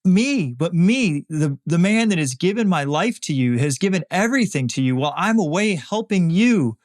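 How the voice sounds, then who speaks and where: A man's voice: high-pitched, expressive, normal speed, pitched above the performer's own voice. A man doing an anguished disciple crying out at God. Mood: anguished, accusing. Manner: anguished, accusing, repetitive pleading. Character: grieving angry male disciple pleading with God.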